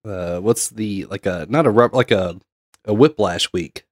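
A man's voice: fairly low pitch, a little slow, dry recording, clean studio sound. Laid-back man co-hosting a podcast. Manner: laid-back, laughs often. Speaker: podcast co-host. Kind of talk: casual chat.

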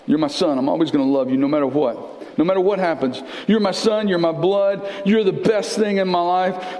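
A male pastor delivers a sermon with animated energy, often repeating the first words of a phrase before pushing on. His voice sits a little high for a man, and it rings out with a long reverb from a large hall.

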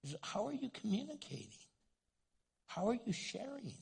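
A man's voice: high-pitched, big pitch swings, normal speed, gravelly, a little mellow, breathy edge. A man preaching a sermon, telling stories with animation and acting out the people in them. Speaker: pastor.

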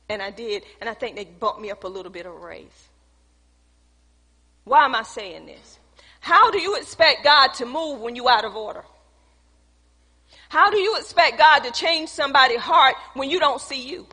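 Woman preacher, high bright voice, chatty sermon with a long echo in the hall. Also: lively intonation, moderate pace, breathy edge. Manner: conversational, calls to the congregation. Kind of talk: sermon with personal testimony.

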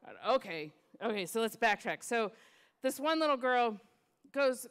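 A middle-aged woman pastor telling a lively story in a sermon, acting out children's voices and laughing often. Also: mid-range voice, fairly quick, clear, resonant tone.

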